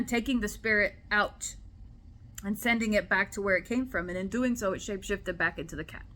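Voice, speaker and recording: Bright-voiced chatty woman telling stories. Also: mid-range voice, moderate pace. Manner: animated, chatty, acts out quoted voices. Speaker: spiritual vlogger. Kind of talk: casual storytelling to camera. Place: indoor room at home.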